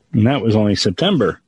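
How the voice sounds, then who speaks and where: A middle-aged man telling a personal story in a casual, animated way, his voice rising for the punchlines. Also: on the low side, husky, no echo.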